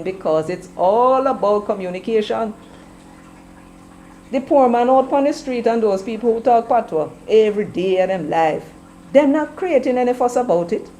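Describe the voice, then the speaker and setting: A woman's voice: medium pitch, mellow, a little hiss or hum, rough recording. A woman with a Jamaican accent giving a scolding opinion commentary, firing off rhetorical questions and slipping between English and patois. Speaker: political commentator.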